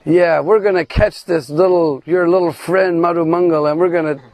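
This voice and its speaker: A man doing a bold young cowherd girl who taunts the boys, raised high and loud with a gravelly edge. She is a storyteller's put-on voice. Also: fairly even intonation, normal speed, dry recording, natural voice. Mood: taunting. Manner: teasing, taunting.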